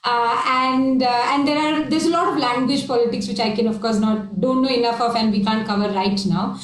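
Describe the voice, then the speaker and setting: A woman from South India recounts her upbringing on an improv panel, brisk and steady. Her voice is slightly high. The room adds a clear echo. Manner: brisk storytelling. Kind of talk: panel discussion. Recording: echoey room.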